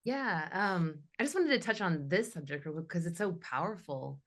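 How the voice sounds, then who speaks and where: A young woman with a notably low speaking voice talks passionately on a casual panel. She tells her stories with animation and lets her feelings show. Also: animated, moderate pace. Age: young adult. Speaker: guest, metal vocalist.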